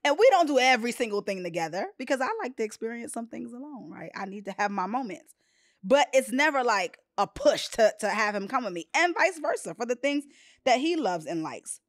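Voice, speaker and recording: A woman hosting a podcast, chatting casually and telling personal stories with expressive, quoted voices. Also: a little high, a little fast, dry recording, studio quality. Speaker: podcast host. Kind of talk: casual chat.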